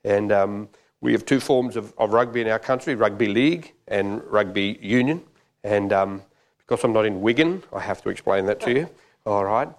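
Jokey preacher, low voice. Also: male voice, normal speed. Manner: jokey, conversational, with fillers. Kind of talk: sermon.

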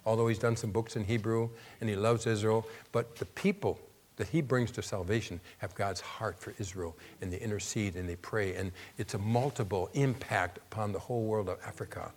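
A male preacher delivering a sermon, talking easily and stopping to check that the audience is following. When he reads scripture his voice climbs and gets louder and more emphatic. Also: on the low side, fairly even intonation, a little fast. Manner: conversational, asks the audience questions.

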